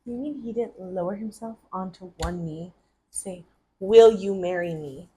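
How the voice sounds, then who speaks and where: A woman's voice: mid-range voice, unhurried, dark tone, slight background noise. A woman co-hosting a podcast, chatting casually and making wry, joking remarks. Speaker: podcast co-host. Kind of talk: casual chat.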